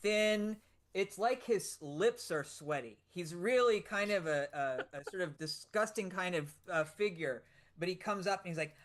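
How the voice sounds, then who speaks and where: Player guy chatting about his character, high voice. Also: a little slow. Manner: casual, chatty. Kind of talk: describing his character at a game table.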